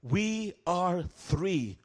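Man doing a slow, guttural, defiant demon voice for a retold story. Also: high voice, expressive, full character voice. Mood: menacing. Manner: menacing, defiant. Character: deep guttural demon speaking through a girl.

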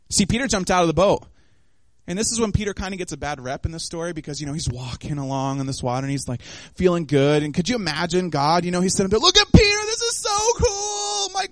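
Animated high-voiced man preaching. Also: dry recording. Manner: animated storytelling, acting out voices and quotes. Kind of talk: sermon.

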